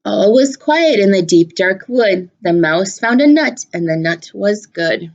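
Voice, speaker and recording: A woman teacher reading a picture book aloud to children, animated and expressive. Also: mid-range voice, measured pace, lo-fi sound. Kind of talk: storybook read-aloud for children.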